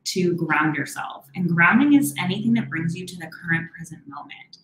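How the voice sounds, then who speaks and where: A young woman therapist answers live questions in a casual, quick way, often pausing on "um" and restarting her sentences. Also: on the low side, a little hiss or hum. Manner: quick, warm-toned advice with many "um"s and restarts. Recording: echoey room.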